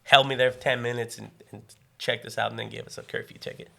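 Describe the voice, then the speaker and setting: A man's voice: medium pitch, flat delivery, quick pace, vocal fry, bright, forceful tone. A man, co-hosting a casual podcast, telling a story full of swearing and acted-out quotes. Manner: swears constantly, acts out quoted voices. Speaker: podcast co-host.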